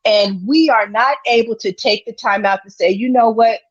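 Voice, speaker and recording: A woman's voice: mid-range voice, moderate pace. A woman host talking earnestly in a casual panel discussion, giving advice and often repeating her phrases. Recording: dull lo-fi sound.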